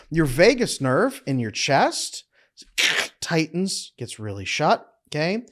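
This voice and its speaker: A middle-aged relationship coach teaches relationship skills to camera, speaking emphatically at medium pitch. As he explains, he acts out breathing and a relaxed posture.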